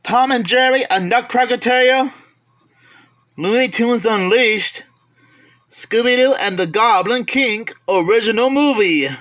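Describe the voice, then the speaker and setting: Slow-talking, high-voiced man vlogger. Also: a bit bright. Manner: slow, chatty listing with self-corrections and asides. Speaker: collector vlogger. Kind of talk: casual show-and-tell of a collection.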